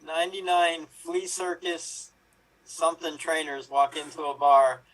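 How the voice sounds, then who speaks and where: A man plays an improv pun game, telling his jokes playfully with small quoted lines. His voice sits a little high. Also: fairly even intonation, unhurried, rough recording. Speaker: improv player.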